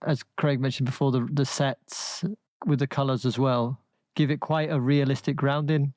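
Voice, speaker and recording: A man's voice: medium pitch, level tone, normal speed, a little mellow, no echo, clean studio sound. A man co-hosting a casual film podcast, hesitant and unsure, stumbling over the starts of his sentences. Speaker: podcast co-host.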